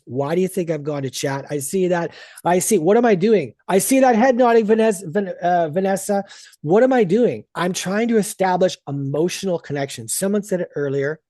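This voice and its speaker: A woman's voice: on the low side, animated, normal speed, mellow, no echo. A woman coaching a group on a video call about sales, talking bluntly and energetically with plenty of swearing.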